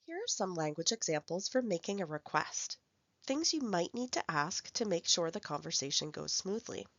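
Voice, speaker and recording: A woman narrating a recorded language workshop, speaking clearly and carefully as she reads out example phrases. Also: mid-range voice, no echo, lo-fi sound. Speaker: language support instructor.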